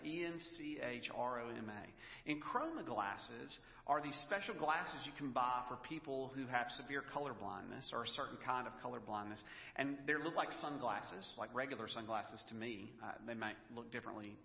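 A man preaching to his congregation, talking it through in a relaxed, storytelling way. His voice rings out in a large, echoey church hall with a long reverb tail, and the recording sounds a bit dull and lo-fi. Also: mid-range voice. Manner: conversational, storytelling, emotional at times. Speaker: pastor. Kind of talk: sermon.

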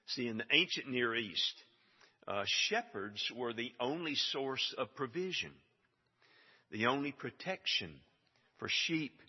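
A man's voice: medium pitch, husky. A man preaching a sermon, emphatic and building to stressed repeated phrases. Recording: dull sound with long hall reverb.

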